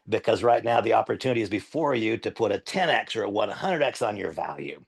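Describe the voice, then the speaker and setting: A man's voice: lowish voice, lively intonation, fast talker, vocal fry, hardly any pauses, husky. An older man giving a live training demonstration on a headset mic, earnest and emphatic, repeating his key points.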